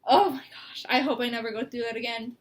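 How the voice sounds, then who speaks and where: A woman's voice: fairly high pitch, steady tone, a little fast, a little hiss or hum. A young woman in an emotional sit-down talk, rambling and laughing through tears. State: tearful. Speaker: co-host. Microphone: mic.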